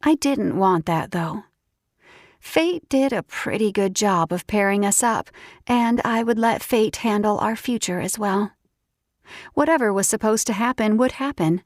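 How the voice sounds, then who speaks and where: A woman narrating a first-person romance audiobook with lively, expressive storytelling. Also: medium pitch, a little slow, no echo, clean studio sound.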